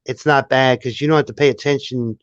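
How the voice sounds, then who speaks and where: A man's voice: mid-range voice, fairly quick, dry recording. A man from New Orleans with a New Orleans accent, co-hosting a movie review in casual, rambling chat. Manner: relaxed, rambling, fillers and restarts. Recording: dull lo-fi dry recording.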